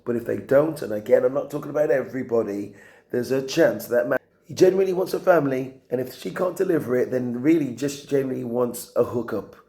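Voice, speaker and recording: A man's voice: mid-range voice, brisk, dark tone. A man speaking as a guest in a panel debate, laying out his predictions in an opinionated way with tag questions and asides to the listener.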